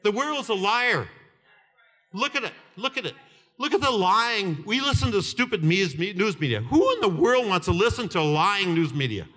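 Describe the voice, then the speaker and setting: A man in his seventies preaching a fervent sermon, telling stories with laughter and shouted lines. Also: sits high, very animated, normal speed. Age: 70s. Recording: reverberant hall.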